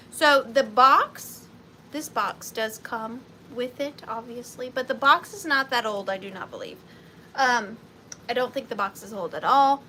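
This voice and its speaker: A woman with a Southern US accent runs a live sale of vintage goods, chatting and gushing over each piece as she greets viewers by name. Her voice sits high and she takes her time. A faint hiss of background noise runs under the recording. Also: sharp tone, low-quality recording. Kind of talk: live selling vintage antiques.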